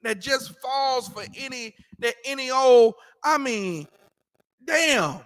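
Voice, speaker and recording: A man talking casually in a scripture class, animated and mocking, acting out the voices he quotes. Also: extremely high pitch, takes it slowly, long reverb tail. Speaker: class teacher.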